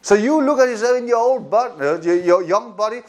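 A man preaching a sermon in an animated way, repeating phrases and often laughing. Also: sits high, a little fast.

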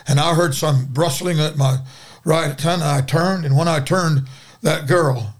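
A man's voice: fairly high pitch, unhurried. An older man, a guest preacher, telling a dramatic story in a folksy, rambling way during a podcast conversation.

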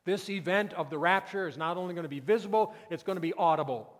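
Pastor preaching in an echoing hall. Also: male voice, sits high, fast talker. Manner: earnest preaching, swings from hushed to loud emphatic peaks. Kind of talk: sermon. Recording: long reverb of a church hall.

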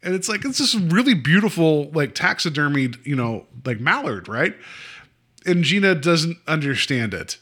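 Male podcast co-host, slightly higher voice, rambling casual review. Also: big pitch swings, normal speed, sharp tone. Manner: rambling, many fillers, acts out quotes. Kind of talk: casual chat reviewing an episode.

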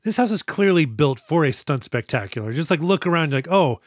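A man's voice: on the high side, lively intonation, fairly quick, no echo, clean studio sound. A man co-hosting a movie podcast, recapping scenes with sarcastic, profane jokes in a casual chat. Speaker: podcast co-host.

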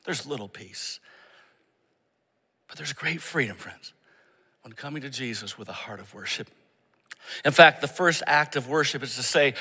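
A man preaching a sermon as pastor, swinging from raised, emphatic lines to hushed, prayerful murmurs. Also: medium pitch, lively intonation, normal speed, long pauses, husky, in a large hall. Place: church service that is also streamed online.

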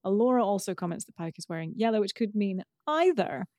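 A woman co-hosting a podcast, chatting casually with fillers and quick asides. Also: mid-range voice, expressive, dark tone, no room sound, clean studio sound. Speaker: podcast co-host. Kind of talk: casual chat about a TV episode.

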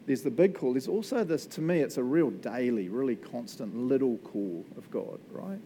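Relaxed chatty man teaching the Bible. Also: medium pitch, normal speed, slight background noise, low-quality recording. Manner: chatty and relaxed, frequent "right?" and laughs. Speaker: pastor.

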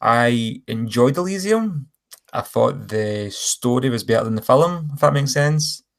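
A man's voice: mid-range voice, animated, unhurried, vocal fry. A man co-hosting a podcast, rambling enthusiastically about films and correcting himself as he goes. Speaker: podcast co-host. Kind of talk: casual film chat.

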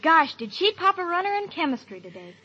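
A woman's voice: very high-pitched, fairly quick, heavily acted. An actress playing a chatty, slangy teenage girl in a 1930s radio ad sketch. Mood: gossipy. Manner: gossipy, slangy, animated. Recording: dull lo-fi 1930s radio recording.

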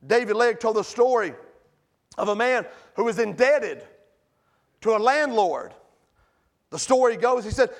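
Pastor preaching, really high gravelly voice, goes from loud and fired up to almost whispering. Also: male voice, animated, moderate pace. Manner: impassioned preaching, dropping to hushed pleading. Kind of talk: sermon. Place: church sanctuary.

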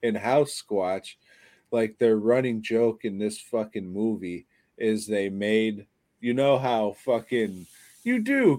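A man's voice: lowish voice, dark tone, no room sound. A tired man co-hosting a podcast, ranting sarcastically and profanely about a bad movie in a rambling, casual way. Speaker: podcast co-host.

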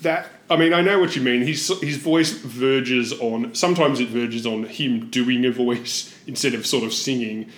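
A man's voice: mid-range voice, moderate pace, hardly any pauses, fairly bright tone. Hedging man, roomy podcast sound. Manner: hedging, chuckles between points. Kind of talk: casual chat.

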